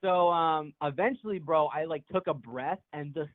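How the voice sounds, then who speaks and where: A man's voice: fairly high pitch, moderate pace, no room sound. A young man calling in, telling a rambling, profane story and laughing as he goes. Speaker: caller. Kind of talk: casual storytelling. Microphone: phone. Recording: tinny phone line, dry.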